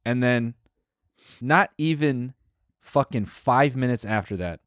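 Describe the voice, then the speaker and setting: A man's voice: mid-range voice, slow pace, no echo, clean studio sound. A young man co-hosting a podcast, casually telling a story with plenty of swearing and acting out the people in it. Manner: animated storyteller, acts out quoted people, swears freely. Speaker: podcast co-host.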